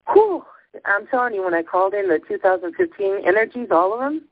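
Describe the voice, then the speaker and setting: A woman's voice: medium pitch, fast, no room sound. A woman on a spiritual call-in show, ecstatic and emotional, laughing and shaking as she talks. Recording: tinny phone line, dry.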